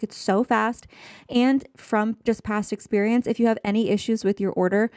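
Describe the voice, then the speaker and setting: Twenties woman vlogger, gushing casual chat, middle-pitched voice. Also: a little mellow. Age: 20s. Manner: bubbly, chatty, gushing. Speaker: budgeting vlogger. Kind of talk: casual chat while stuffing cash envelopes.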